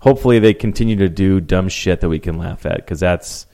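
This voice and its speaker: A man with a somewhat low voice hosts a sports podcast, throwing in sarcastic remarks and moving the chat along. He sounds easygoing and talkative. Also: brisk, warm tone. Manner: sarcastic, steers the talk. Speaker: podcast host. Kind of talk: casual sports banter.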